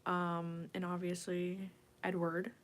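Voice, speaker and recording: A woman's voice: fairly low pitch, completely flat delivery, slow, slight background noise. A woman hosting an ASMR livestream, chatting casually and playfully as she answers viewers' questions, often dropping into a whisper. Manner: casual rambling, drifting into whispered asides. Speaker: ASMR livestream host reading chat.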